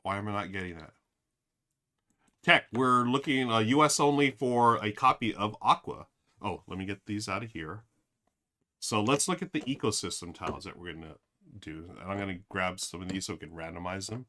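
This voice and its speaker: A man's voice: on the low side, normal speed, bright, forceful tone. A man streaming a board game, thinking aloud with many fillers and talking straight to his chat. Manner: addresses chat directly. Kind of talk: casual live-stream commentary.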